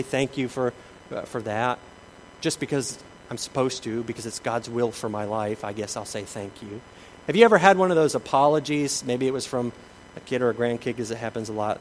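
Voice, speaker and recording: A man preaching a sermon, shifting between lively emphasis, acted-out quotes and quiet asides. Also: mid-range voice, slight background noise, low-quality recording. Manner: animated preaching, acts out quoted voices, drops to soft asides. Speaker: pastor.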